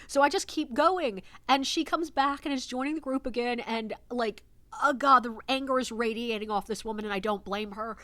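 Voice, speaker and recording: A woman who works as a ghost tour guide, telling a story casually with animated exasperation and swearing. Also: a little high, a little fast, no room sound.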